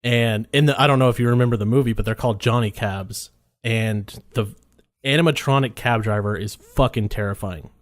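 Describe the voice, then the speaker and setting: A man's voice: medium pitch, brisk, dry recording, studio quality. A man co-hosting a casual movie podcast, laid-back, swearing freely and laughing often. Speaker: podcast co-host. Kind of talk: casual chat.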